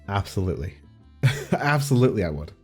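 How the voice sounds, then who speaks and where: Young man, deep mellow voice, slightly stuffy, gushing and rambling in a casual Q&A chat. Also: fairly quick, husky, soft background music. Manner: rambling, excitable, lots of "like". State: slightly congested from allergies. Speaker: audio roleplay creator.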